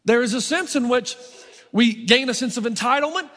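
A middle-aged male pastor delivers a sermon in a strikingly high voice. He keeps it conversational, poking fun at himself between points. The sound carries the long, ringing reverb of a church sanctuary. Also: normal speed, a bit bright. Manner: conversational, self-mocking humor.

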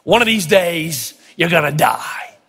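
A man voicing an older preacher who delivers a solemn warning in a slow, heavy manner. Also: a little high, big pitch swings, vocal fry, a bit bright, breathy edge, big-room sound, pitched below the performer's own voice, full character voice.

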